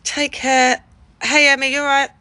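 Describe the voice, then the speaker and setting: A woman's voice: high-pitched, flat delivery, moderate pace, pushed and bright, no echo. A woman chatting casually with viewers on a livestream. She laughs often and swears casually. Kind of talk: casual chat with live viewers.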